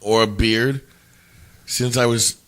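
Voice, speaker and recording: Bright-voiced man swearing through a story. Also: lowish voice, fairly even intonation, slow pace. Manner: blunt, swears, stumbles over words. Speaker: podcast co-host. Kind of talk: casual chat.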